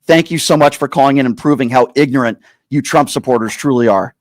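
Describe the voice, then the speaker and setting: A man hosting a call-in talk show, talking down to a caller in a slow, repetitive, insulting way. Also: medium pitch, dry recording, rough recording.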